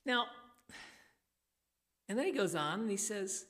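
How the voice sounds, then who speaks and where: This church sermon comes from a woman with a fairly high voice, using a handheld microphone. She preaches slowly and emphatically, then turns animated when portraying the people in the passage.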